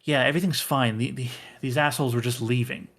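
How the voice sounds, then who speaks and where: A man's voice: mid-range voice, steady tone, quick pace, fairly bright tone, natural voice. A man voicing a young woman who curtly tells bullies off. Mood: fed up.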